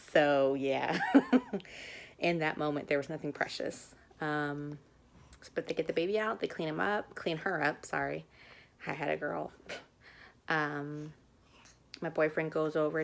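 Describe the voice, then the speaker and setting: Young woman vlogger, low gravelly voice, candid chatty storyteller. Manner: candid, chatty, frequent ums. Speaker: new mother vlogger. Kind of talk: casual personal storytelling.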